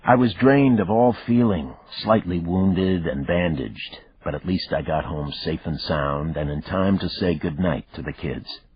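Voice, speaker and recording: Deep, slow, husky male narrator. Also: no echo, lo-fi sound. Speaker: audiobook narrator. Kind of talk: first-person audiobook narration.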